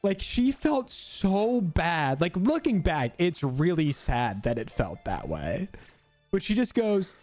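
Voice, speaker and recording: A young man streaming, casually telling a story while gaming, animated and cursing freely with frequent laughter. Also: a little high, a little slow, soft background music.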